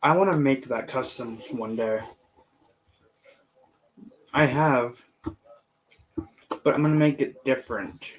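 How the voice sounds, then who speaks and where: Male speaker, slow and rambling, casual talk full of fillers. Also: medium pitch, a little hiss or hum, poor audio. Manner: rambling, halting, many fillers and self-corrections. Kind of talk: casual chat.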